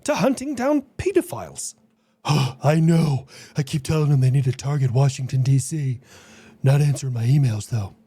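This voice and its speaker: Brief: dry-witted streamer, mid pitch, casual and offhand, dead-dry mic. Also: steady tone, normal speed, warm tone, husky, no echo. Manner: sardonic, offhand, swearing. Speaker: streamer reacting to a video. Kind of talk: casual reaction-stream chat.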